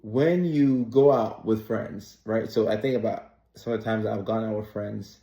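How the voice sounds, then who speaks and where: A man in his thirties tells a story the way he'd tell it to a friend, relaxed and conversational, with the odd comic aside. His voice sits low and sounds dark and mellow. The room around him gives it a noticeable echo. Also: moderate pace. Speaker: content creator and comedian. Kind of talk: casual direct-to-camera chat.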